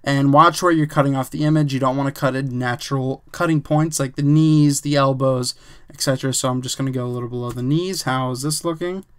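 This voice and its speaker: A man's voice: mid-range voice, brisk, smooth. A man casually teaching a photo editing technique step by step, thinking aloud with fillers and the odd "bam". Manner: relaxed, chatty, says "bam" and "um", thinks aloud while working. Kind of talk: casual screen-recorded tutorial.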